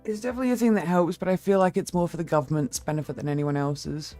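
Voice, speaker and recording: A woman streamer chatting casually with her viewers, blunt and candid, with a lower-toned voice and a quick laugh. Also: fairly even intonation, warm tone, soft background music. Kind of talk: casual live-stream chat.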